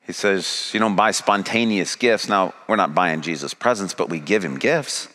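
A man's voice: deep voice, moderate pace, pushed and bright. A man preaching a sermon, paraphrasing Jesus and building to a pressing, rising delivery. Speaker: pastor.

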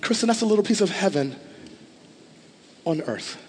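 A man's voice: high-pitched, sing-song, moderate pace, slight background noise. Impassioned male preacher in a reverberant hall. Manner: impassioned, rising to loud declarations. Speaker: pastor. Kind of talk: sermon.

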